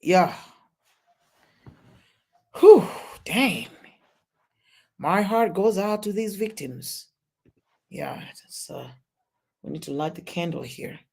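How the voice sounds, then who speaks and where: A live-stream host reacting to news and reading out viewer chat, halting with many restarts and sudden loud exclamations. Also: mid-range voice, animated, gravelly.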